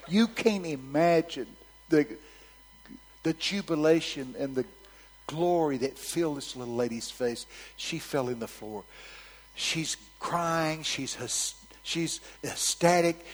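A man preaching a storytelling sermon, swinging from hushed asides to loud, shouted quotes. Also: fairly high pitch, takes it slowly, in a large hall, rough recording.

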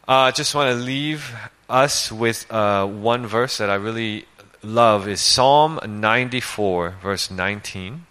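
A man's voice: lowish voice, slow pace, sharp tone, clean tone. A male preacher giving a conversational sermon, reading scripture and asking rhetorical questions.

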